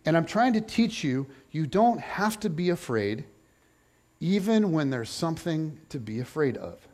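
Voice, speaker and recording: A man preaching a sermon, telling the story in a lively, joking way and acting out the people in it. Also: high voice. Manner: animated, jokey storytelling with voiced asides. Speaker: pastor.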